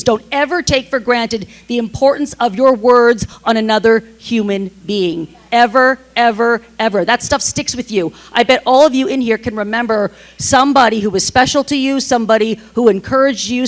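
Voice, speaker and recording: A woman in her fifties, a former television journalist, telling self-deprecating stories as a panelist. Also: a little high. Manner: animated, self-deprecating storyteller. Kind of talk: storytelling panel talk.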